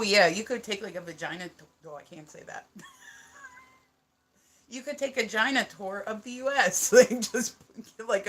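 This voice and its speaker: Speaking into her phone during a livestream, a U.S. woman with a New Jersey accent chats and rambles, laughing frequently and cursing casually. Her voice sits in the mid range and sounds a bit bright.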